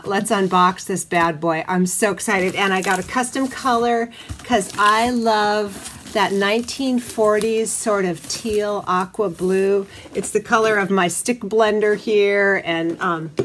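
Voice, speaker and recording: A woman hosting a casual unboxing vlog, gushing to her viewers in an excitable way. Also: medium pitch, noisy background. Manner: gushing, excitable, talks to viewers as "you guys". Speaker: soap maker and channel host.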